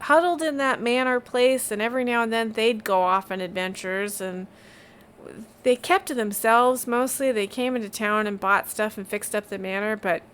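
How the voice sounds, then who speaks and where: A woman's voice: on the high side, normal speed, fairly bright tone, clear, resonant tone, natural voice. Woman playing a fed-up young weaver. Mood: rambling. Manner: rambling, exasperated, eye-rolling.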